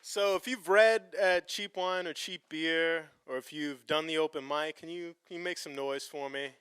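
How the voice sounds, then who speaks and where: A man's voice: on the high side, moderate pace, smooth. A man hosting a live reading night, casually announcing and rousing the audience. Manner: casual, energetic crowd-rousing. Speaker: event host.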